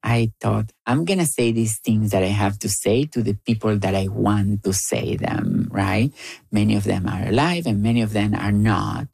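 A woman from Argentina with an Argentine Spanish accent, telling personal stories in an interview in a slow, playful way. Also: very deep voice, vocal fry, a little mellow, husky, no echo. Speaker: storyteller and writer.

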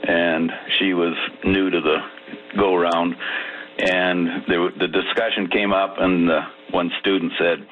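A man in his sixties from Alberta, Canada, calling in to a radio show and telling a story in a halting, chuckling way over muffled phone-in audio. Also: low-pitched, flat delivery, soft background music. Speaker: caller.

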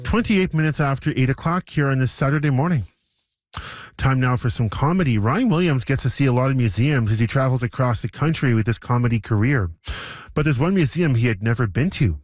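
Radio host, man, mid-pitched, casual and easy, close dry studio mic. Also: expressive, a little fast, no echo. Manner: easygoing, lightly chatty. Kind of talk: morning radio hosting. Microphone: studio microphone.

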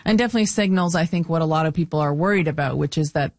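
A woman with a slightly low voice hosts a relaxed interview and asks her guest curious follow-up questions. She speaks into a close microphone in a dry room with no echo. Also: rapid-fire. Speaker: interview host. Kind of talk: conversational interview.

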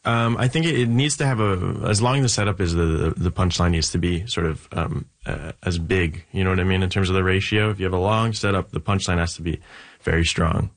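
A man, a comedian co-hosting a radio show, musing wryly and haltingly about jokes. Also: sits low, no room sound. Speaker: comedian co-host. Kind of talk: call-in radio chat.

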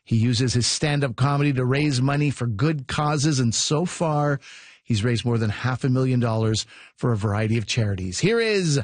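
A male radio host reading scripted introductions between comedy sets in a smooth announcer style. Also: mid-range voice, lively intonation, moderate pace, no room sound. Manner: smooth, read announcer delivery. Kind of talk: scripted broadcast links. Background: music bed.

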